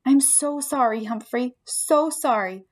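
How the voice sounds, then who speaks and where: A woman voicing a kind young girl who gently soothes her pet hamster in a storybook reading. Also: mid-range voice, sing-song, slow. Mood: soothing.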